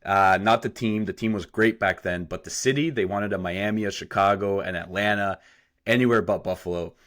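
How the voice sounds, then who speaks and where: A man hosting a podcast who asks questions in a measured, conversational way and sometimes reads quotes aloud. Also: on the low side, a bit bright. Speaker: podcast host. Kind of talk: interviewing.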